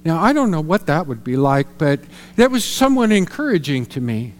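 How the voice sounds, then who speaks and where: High-voiced pastor preaching in a hall. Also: male voice, sing-song, fairly quick, slight background noise. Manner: storytelling, earnest, repeats words when emphatic. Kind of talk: sermon. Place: church sanctuary.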